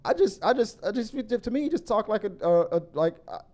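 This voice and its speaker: Rambling man with a dark, mellow voice. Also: high voice, brisk. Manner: rambling, many restarts, grows more animated and louder. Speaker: podcast host. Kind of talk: casual movie review talk.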